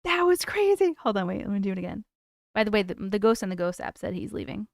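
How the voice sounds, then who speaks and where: A woman hosting a casual live stream from her desk at home, chatty and excitable, swearing freely. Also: mid-range voice, quick pace, gravelly, no room sound, clean studio sound.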